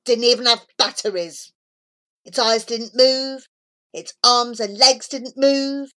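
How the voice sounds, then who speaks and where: A woman narrating a children's book aloud, telling it in a lively, childlike first-person way. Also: on the high side, takes it slowly. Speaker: audiobook narrator.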